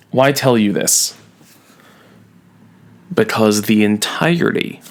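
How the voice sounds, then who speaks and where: A man teaching a recorded online lesson, talking students through a poem with wry, self-mocking asides. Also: fairly low pitch.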